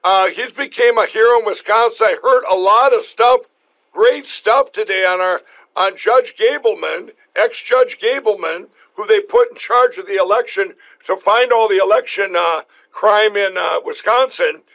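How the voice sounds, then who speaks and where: A man hosting a talk show, talking in a rambling, emphatic way with many restarts, his voice going hoarse. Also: high voice, normal speed, fairly bright tone, low-quality recording. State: losing his voice. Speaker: show host. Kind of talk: casual talk show chat.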